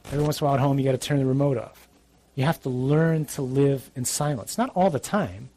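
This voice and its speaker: Husky-voiced priest giving a blunt talk. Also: male voice, medium pitch, fast talker, warm tone. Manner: conversational, blunt and emphatic, with dry humour. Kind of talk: religious talk to young adults.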